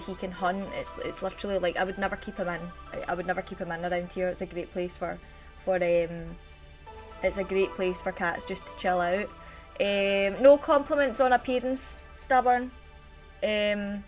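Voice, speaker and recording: A woman with a Scottish accent chatting on a live stream, telling a rambling story and greeting her chat viewers as she goes. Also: mid-range voice.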